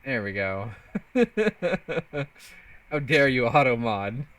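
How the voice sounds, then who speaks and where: A man's voice: mid-range voice, sing-song, extremely slow, a bit bright. A young man streaming a game, bantering playfully with his chat and laughing often. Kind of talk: casual live-stream chat while gaming.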